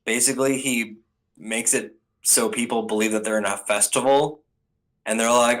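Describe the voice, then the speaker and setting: A man's voice: lowish voice, little pitch movement, moderate pace, fairly bright tone, poor audio. A man giving a casual, rambling spoken recap of anime episodes, full of ums and restarts.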